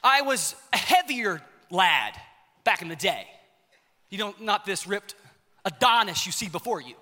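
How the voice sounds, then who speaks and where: A young man preaching a sermon with passion, swinging between shouts and hushed, quiet lines. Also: high-pitched, big pitch swings, measured pace. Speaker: pastor. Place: church auditorium. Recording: long reverb of a large hall.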